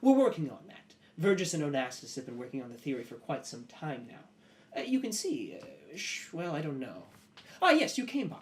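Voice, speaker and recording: A man playing a smooth, ambitious nobleman who speaks formally and hesitates often. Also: fairly high pitch, huge pitch swings, moderate pace. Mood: scheming.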